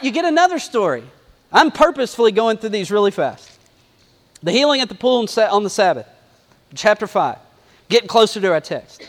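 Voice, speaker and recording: A man preaching a sermon in a lively, conversational way, acting out asides as he reads scripture. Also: high voice, long reverb tail. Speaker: pastor.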